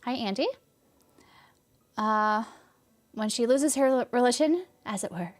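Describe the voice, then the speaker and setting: Speaking slowly in a fairly high voice, a young woman from California talks casually on a game stream. She has a light Californian accent and responds to chat in a loose, rambling way, laughing along.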